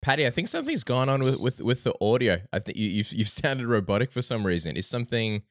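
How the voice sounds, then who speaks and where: A man's voice: mid-range voice, big pitch swings, no echo, studio quality. A man hosting an interview podcast, asking long questions full of fillers. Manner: quick with many fillers. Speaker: podcast host.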